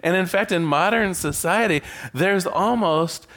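A man's voice: high-pitched, measured pace, fairly bright tone. A man giving a sermon as a minister, conversational and joking.

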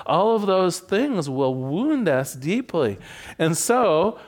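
A man teaching a class, with a voice a little higher than most and a lot of rise and fall in it. He talks in a gentle, earnest way, drops soft when he acts out sample phrases, and chuckles now and then. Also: very animated, takes it slowly. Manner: chuckles often, asks the group for agreement.

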